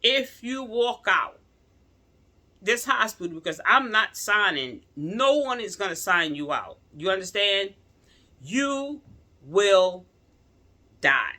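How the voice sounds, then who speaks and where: Woman vlogger, bright voice, slangy storytelling, calls viewers y'all, animated, loud outrage to quiet pleading. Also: medium pitch, a little slow. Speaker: vlogger telling a personal story.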